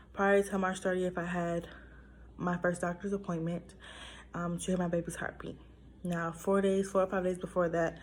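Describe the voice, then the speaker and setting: A young woman with a lowish voice talks to her viewers about something painful, holding back emotion as she goes. She talks casually, with lots of ums and likes, and a faint hiss sits under the recording. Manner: emotional, talks through it with fillers. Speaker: vlogger sharing a personal story. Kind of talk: casual personal storytelling.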